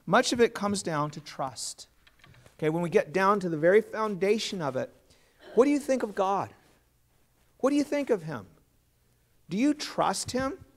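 High, gravelly-voiced male pastor preaching. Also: very animated, normal speed, long pauses. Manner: earnest preaching with rhetorical questions to the congregation. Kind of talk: sermon.

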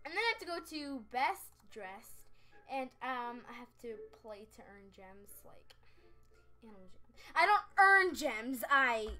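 A woman's voice: high voice, a bit bright. A young woman chatting over her gameplay, rambling and scatterbrained, giggling at herself. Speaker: gaming vlogger. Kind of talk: casual game commentary.

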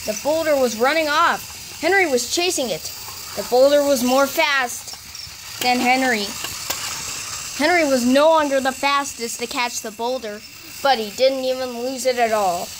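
A woman narrates a homemade toy-train story in a slightly high voice, pausing, restarting and repeating words as she goes. A faint hiss sits behind her.

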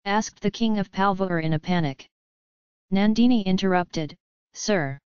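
A woman reading a translated historical novel aloud as an audiobook narrator, voicing every character in much the same even tone. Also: medium pitch, normal speed, clean tone, no echo, lo-fi sound.

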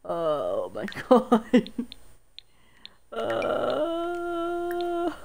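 Excitable, swearing woman streamer. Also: sits high, extremely slow, gravelly. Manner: excitable, swings from cooing to mock rage, swears. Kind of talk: live gameplay commentary.

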